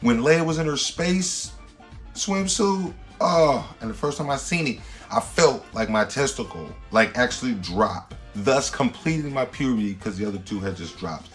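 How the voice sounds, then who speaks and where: A man, a standup comedian hosting his own show, rambling through a slangy, playful comedic monologue with sudden loud jumps. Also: medium pitch, expressive, normal speed, faint music behind.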